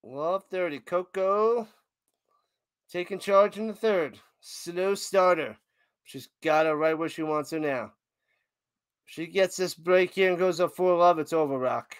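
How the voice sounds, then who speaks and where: Excitable man calling tennis play-by-play. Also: high voice, a little slow, clear, resonant tone, no echo, clean studio sound. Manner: excitable, hums and chants between points. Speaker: live-reaction streamer doing play-by-play. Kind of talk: casual live play-by-play commentary.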